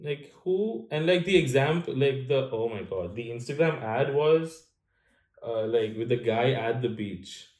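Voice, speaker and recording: A man's voice: medium pitch, lively intonation, unhurried, a little mellow, echoey room. A young man co-hosting a podcast who rambles, swears casually and trails off mid-thought. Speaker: podcast co-host. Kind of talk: casual chat.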